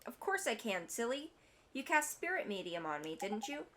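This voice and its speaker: A woman's voice: a little high, big pitch swings, normal speed, background noise. A woman voicing a cheeky, teasing little boy in a game.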